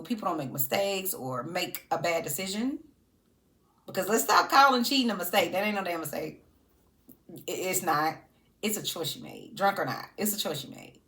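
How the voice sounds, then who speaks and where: A woman's voice: medium pitch, bright, forceful tone. A woman giving casual, sassy reality TV commentary. She laughs often and talks to her subjects directly.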